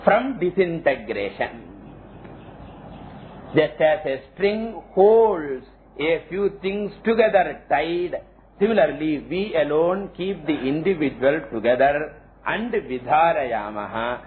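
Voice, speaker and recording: Male teacher, fairly high voice, measured scripture class, lo-fi phone-like recording. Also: lively intonation. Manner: slow, explanatory, chants Sanskrit terms. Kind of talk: scriptural lecture. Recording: tinny phone-like lo-fi audio, faint hiss.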